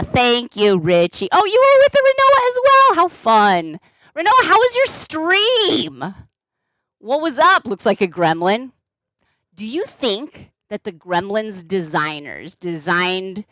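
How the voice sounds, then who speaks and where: A woman's voice: on the high side, fairly bright tone, dry recording, clean studio sound. A woman live-streaming as she twists balloons, chatting casually and greeting and thanking viewers by name, rambling with fillers and restarts. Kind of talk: casual live-stream chat while crafting.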